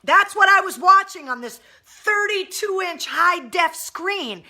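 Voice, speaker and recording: A woman's voice: very high-pitched, lively intonation, measured pace, sharp tone. A woman radio host telling a story in casual, blunt and profane style on a live stream.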